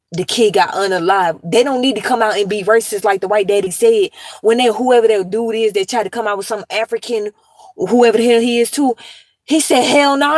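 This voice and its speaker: A woman's voice: medium pitch, dry recording. A young adult woman from the United States giving a blunt, profane, emphatic commentary rant straight into the mic. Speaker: commentary vlogger. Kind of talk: casual ranting commentary.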